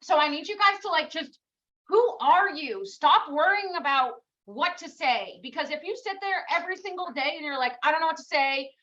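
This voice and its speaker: On a live stream, a team leader gives a casual pep talk in a high, lively, pushed and bright voice at normal speed, with the highs cut off. She's blunt and scolding, fires off rhetorical questions, swears casually, and mocks herself.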